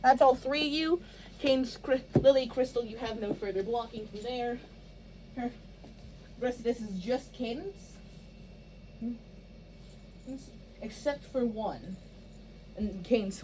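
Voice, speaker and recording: A woman's voice: on the high side, unhurried, pauses often, a little mellow, slight background noise. A woman director walking actors through stage blocking in a casual, rambling way, full of fillers and restarts. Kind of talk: casual rehearsal instructions.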